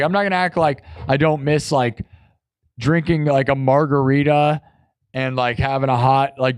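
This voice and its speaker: Guy rambling and joking to his stream chat, mid-pitched, dry close mic. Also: no room sound. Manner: rambling, jokey, talks to chat. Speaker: live-stream host and musician. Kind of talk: casual live-stream chat.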